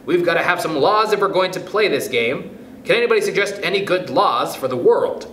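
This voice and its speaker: A man's voice: on the high side, expressive, a little fast, fairly bright tone, voice pushed up. A man reading a storybook, voicing an earnest, fussy little male mouse who speaks solemnly and lectures. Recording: echoey room, faint background noise.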